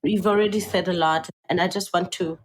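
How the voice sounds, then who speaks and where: A woman hosting a podcast, asking gentle, supportive questions in an interview. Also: fairly low pitch, steady tone, fairly quick. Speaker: podcast host. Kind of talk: empathetic interview.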